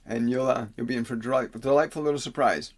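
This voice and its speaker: A man, a spiritual teacher on a livestream, reads out viewer questions and answers with slow, soothing instructions, sometimes slowing into solemn pronouncements. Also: mid-range voice, fairly even intonation. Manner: slows into solemn, preacher-like pronouncements. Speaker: spiritual teacher giving readings.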